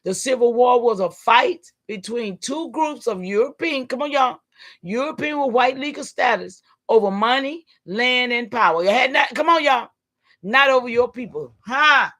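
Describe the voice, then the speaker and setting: A woman, hosting a livestream and preaching emphatically to her viewers in call-and-response style, sometimes breaking into shouts. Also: fairly high pitch, animated, moderate pace. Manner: emphatic, repeatedly rallying listeners with "come on, y'all". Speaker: livestream host.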